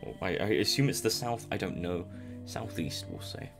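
A man's voice: low-pitched, expressive, normal speed, creaky, music in the background. A young man giving casual, rambling commentary over a survival game, self-mocking and chuckling often. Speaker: gameplay commentator.

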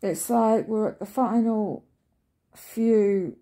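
A woman's voice: mid-range voice, slow pace, warm tone. A woman chatting casually at home, cooing to her cat between stories about waiting on workmen. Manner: chatty, coos in baby talk to the cat. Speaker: vlogger. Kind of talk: casual chat to camera while petting cats. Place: home, indoors.

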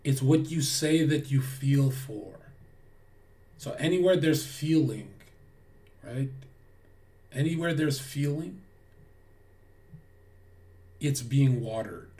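A man's voice: mid-range voice, slow pace, pauses often, warm tone, recorded from a distance. A man streaming to his chat, ranting in a blunt, preachy way with lots of swearing. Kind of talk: livestream rant to chat.

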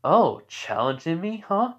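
A man's voice: on the high side, big pitch swings, a little slow, highs cut off, voice pushed up. A man voicing a proud, haughty woman who is a general, speaking imperiously in a raised voice. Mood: indignant. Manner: imperious, indignant.

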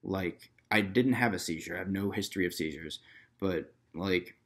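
A man's voice: deep voice, normal speed, a bit bright. A young man casually telling a personal story to camera in a loose, rambling way, full of fillers and quoted dialogue. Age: young adult. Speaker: vlogger.

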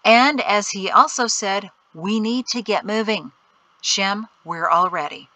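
A woman playing a brisk, scoffing woman. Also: medium pitch, bright, forceful tone, no echo, rough recording. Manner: brisk, dismissive. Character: brisk no-nonsense woman rider.

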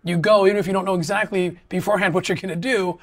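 This middle-aged interview guest speaks in a high voice with fairly even intonation. In casual conversation he comes across as earnest and halting, repeatedly starting his sentences over.

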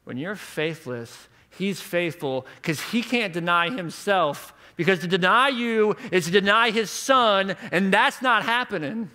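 A man in his thirties preaching a conference sermon with rhetorical questions, moving between hushed and emphatic delivery. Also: high voice, expressive, measured pace, few pauses.

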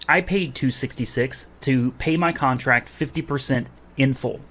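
A vlogger with a mid-range, somewhat bright voice rants angrily to camera at a moderate pace about a phone refund. Heated and swearing, he recounts his argument with a store clerk.

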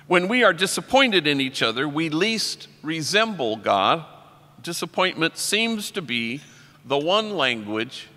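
A middle-aged man, a priest, telling wry stories in a religious talk and slowing down for his punchlines. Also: fairly high pitch, bright, forceful tone. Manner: wry, anecdotal, slows down for punchlines. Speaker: priest giving a keynote talk. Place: large convention hall. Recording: long reverb of a large hall.

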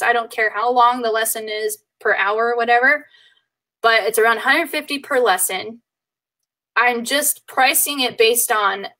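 Guest: bright, fairly high female voice, lively dog trainer, quick laughs. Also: rough recording. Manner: animated, laughs often, acts out clients' voices. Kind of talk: casual chat.

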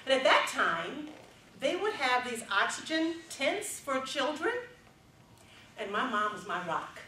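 Middle-aged woman, speech contest speaker with an animated voice, heard from a distance in a hall. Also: sits high, slight background noise. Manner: expressive storytelling with dramatic pauses. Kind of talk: prepared public speech. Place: stage in a large hall.

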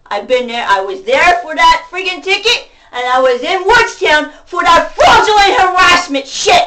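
A woman venting to camera in a profane rant, going from shouting to muttering. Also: extremely high pitch, animated, normal speed, slight background noise. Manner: profane, ranting, swings between shouting and muttering. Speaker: vlogger. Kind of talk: angry venting monologue. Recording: voice distant from the mic.

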